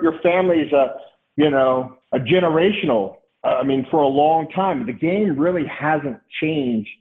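A middle-aged man speaking as a podcast guest, rambling in casual chat. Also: fairly high pitch. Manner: rambling, many fillers and restarts. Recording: tinny phone-like line.

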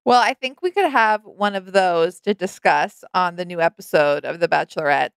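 A woman's voice: lowish voice, expressive, normal speed, gravelly, smooth, no echo. A woman co-hosting a podcast, chatting casually about reality TV and retelling scenes with acted-out quotes. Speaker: podcast co-host.

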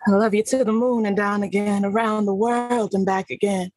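A woman's voice: medium pitch, steady tone, moderate pace, a little mellow, no room sound, close to an everyday voice, rough recording. A woman performing a dramatic monologue as a grown daughter wounded by her mother's love, pleading and rising into anguish. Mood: wistful.

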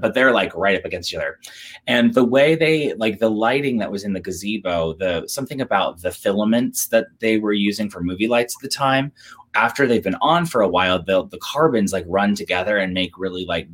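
A man co-hosting a casual movie trivia show, telling long rambling stories full of fillers. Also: lowish voice. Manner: rambling storyteller with many fillers, animated. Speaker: podcast co-host.

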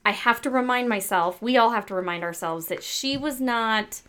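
A woman's voice: on the high side, moderate pace, a bit bright, clean tone. A woman co-hosting a casual talk podcast, speaking reflectively in a chatty way. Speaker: podcast co-host. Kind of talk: casual chat.

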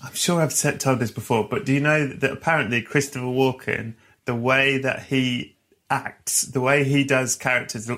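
A male podcast host chatting over a video call, telling animated stories with chuckles. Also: mid-range voice. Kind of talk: casual interview chat.

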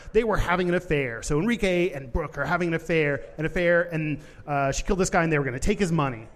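A man's voice: a little high, big-room sound. A man co-hosting a casual comedic podcast, retelling a film plot with swearing and frequent laughs. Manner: animated storyteller, swears, laughs often. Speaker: podcast co-host.

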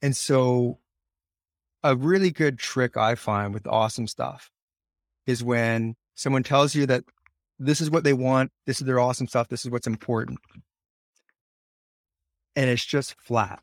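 A man speaking as a podcast guest, explaining ideas in a reflective, unhurried way with pauses. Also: medium pitch, fairly even intonation, no room sound, clean studio sound. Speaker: podcast guest on money mindset. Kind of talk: casual podcast conversation.

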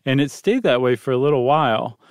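A man's voice: mid-range voice, animated, brisk, clear, resonant tone, dry recording. A man co-hosting a podcast, talking casually through history with many ums and dry jokes. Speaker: podcast co-host.

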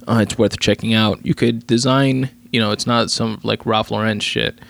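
Low gravelly-voiced man, rambling podcast rant. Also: steady tone, normal speed. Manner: profane, rambling, many fillers and restarts. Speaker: podcast host. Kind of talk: casual solo podcast rant.

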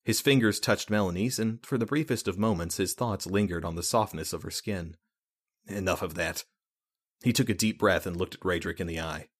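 A man narrating a fantasy audiobook in a steady, measured reading voice. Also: deep voice.

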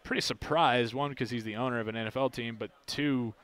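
A young man, a comedian guest in a casual interview, chatty and quick to laugh, slipping into quick voices. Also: medium pitch, steady tone, fairly bright tone.

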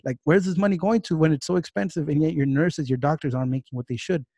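In clean studio sound without echo, this podcast host's slightly high, dark-toned voice fires off a casual political rant. He talks fast, gets heated, and swears freely.

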